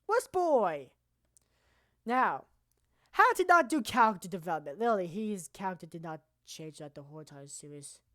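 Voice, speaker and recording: A woman streamer presenting anime awards in casual, rambling, profane commentary that now and then bursts into loud shouting. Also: on the low side, sing-song, normal speed, dry recording, clean studio sound.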